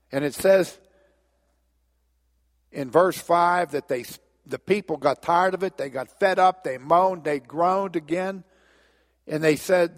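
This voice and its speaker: A middle-aged man preaching in a church, telling the story with animated energy and often doubling his "and"s. His voice sits a bit high for a man. A long reverb trails behind every phrase. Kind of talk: sermon.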